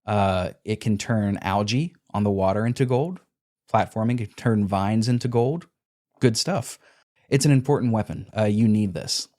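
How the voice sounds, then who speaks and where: Low-voiced man retelling game scenes. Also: moderate pace. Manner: animated retelling, acts out character lines. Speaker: podcast co-host. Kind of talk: casual game discussion.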